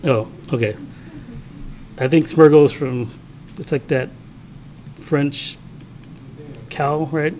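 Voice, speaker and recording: A man's voice: fairly high pitch, takes it slowly, long pauses, darkish tone, slight background noise. Casual male programming instructor. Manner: casual, thinks aloud while typing, talks to himself; checks in with the class often. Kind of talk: classroom lecture with live coding. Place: classroom with students.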